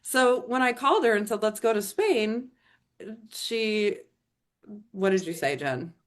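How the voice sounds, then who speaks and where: A woman's voice: medium pitch, animated, a little slow. A middle-aged woman telling a chatty, emphatic testimonial story to an audience, rambling with restarts. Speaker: network marketing speaker.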